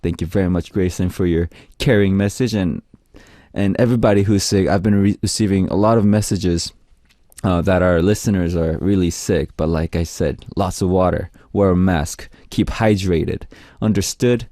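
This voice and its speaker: A man's voice: low voice, moderate pace, warm tone, no room sound, clean studio sound. A man hosting a radio music show in an upbeat, friendly way, reading out listener messages. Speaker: radio DJ host. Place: radio studio.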